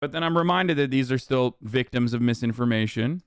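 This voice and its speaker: A man's voice: medium pitch, brisk, smooth, no echo, studio quality. A man hosting a livestream who rants with heavy swearing and sarcasm while reacting to chat messages. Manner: profane, heated, sarcastic. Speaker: livestream host. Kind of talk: ranting commentary, reacting to chat.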